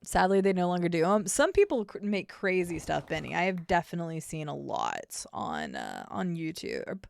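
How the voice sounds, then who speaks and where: Gravelly, lively woman streamer. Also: on the low side, moderate pace, dry recording. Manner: chatty, laughs often, talks to chat and players. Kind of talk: casual gameplay stream chat.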